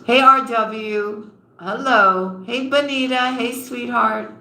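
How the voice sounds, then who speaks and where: Unhurried, bright-voiced woman doing a live tarot reading, affectionate with her viewers, in a roomy space. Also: on the high side, fairly even intonation, a little hiss or hum. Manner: affectionate, calls viewers honey and sweetheart. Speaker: tarot reader. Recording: roomy echo with faint ambience.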